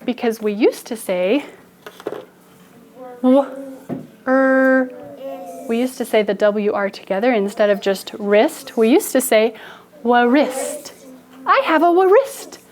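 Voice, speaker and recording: A woman's voice: fairly high pitch, steady tone, slow, pauses often, darkish tone. A young woman teacher giving a playful, story-style phonics lesson to children in a classroom. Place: classroom with kids.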